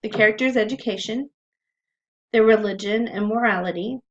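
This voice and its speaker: A woman's voice: medium pitch, moderate pace. A woman teaching a recorded writing class, explaining in a friendly way with frequent ums, on a dull lo-fi recording.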